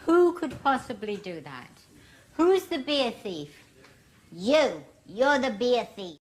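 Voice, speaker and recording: A man putting on the voice of a sweetly mocking woman who teases her partner in a drawn-out, sarcastic sing-song. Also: extremely high pitch, big pitch swings, voice pushed up, full character voice. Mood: teasing.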